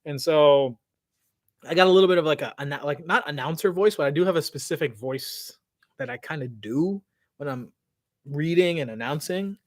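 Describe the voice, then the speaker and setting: A man hosting a casual livestream Q&A outdoors, talking in a slangy, animated way that trails off at the ends of phrases. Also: on the high side, normal speed, no room sound, clean studio sound. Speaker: host. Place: outdoors by parked cars.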